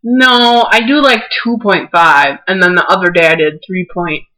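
Young woman, bright voice, anxious, wry, chatting casually. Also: fairly low pitch, moderate pace, rough recording. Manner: anxious, wry, self-deprecating. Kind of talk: casual chat.

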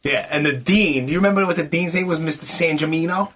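A man's voice: fairly high pitch, fairly bright tone, husky. A man with a New York accent chatting casually and bluntly, swearing freely in a tattoo shop after hours. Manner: blunt, profane, talks in quick broken restarts. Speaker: interviewer. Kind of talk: casual chat.

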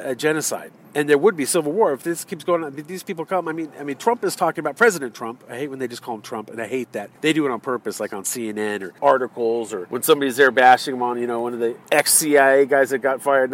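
A man in his car in traffic, ranting in a heated, rambling way with many fillers and restarts. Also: medium pitch. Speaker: vlogger. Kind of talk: ranting political monologue.

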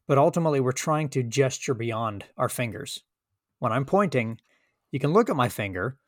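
A man's voice: medium pitch, dry recording, clean studio sound. A man co-hosting a philosophy podcast, speaking earnestly and with emphasis in casual discussion, often restarting his sentences. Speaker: podcast co-host.

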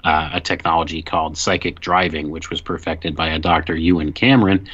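A man's voice: very deep voice, fairly even intonation, brisk, a bit bright, husky. A man in a live stream discussion, explaining in a matter-of-fact way. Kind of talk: casual discussion. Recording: dull lo-fi stream audio.

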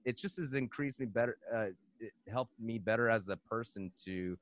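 A man's voice: medium pitch, moderate pace. A man talking as a guest musician on a podcast, rambling with lots of fillers and repeated "man" and "you know". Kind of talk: casual podcast chat.

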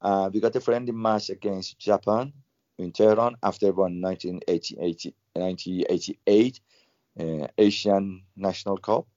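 Low-voiced older man, halting. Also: steady tone, a little mellow, no room sound. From Iran. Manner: halting, repeats words, non-native phrasing. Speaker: former footballer, guest. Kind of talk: interview storytelling. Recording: dull lo-fi sound.

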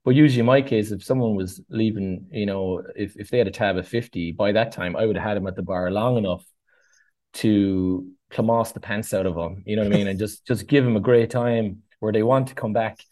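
Speaking briskly in a lowish, mellow voice, this middle-aged bartender from Ireland is a guest in a relaxed interview chat. He also organises tours, and he's a chatty storyteller who performs the voices of the people in his tales, all in an Irish accent.

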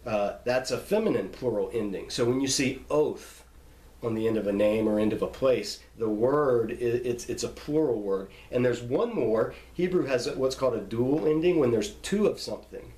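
A man's voice: mid-range voice, moderate pace, dark tone. A man teaching how to pronounce Hebrew names, patiently sounding out examples and often restarting. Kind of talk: explaining Hebrew name pronunciation. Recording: echoey room.

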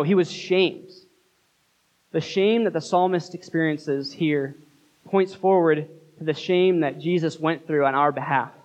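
A man preaching a sermon as pastor, earnest, with dramatic pauses. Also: on the high side, dull audio.

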